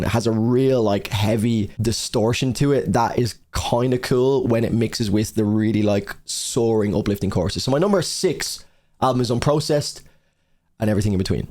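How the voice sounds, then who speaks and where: A man's voice: mid-range voice, darkish tone. Young man, music reviewer, casual countdown, rambling, lots of fillers, swearing.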